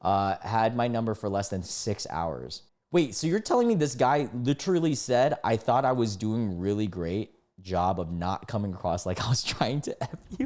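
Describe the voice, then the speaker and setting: A man reading out text messages in a low mutter and reacting with mocking, exasperated commentary. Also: normal speed. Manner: mocking, exasperated, reads texts in a flat mutter. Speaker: streamer reading posts.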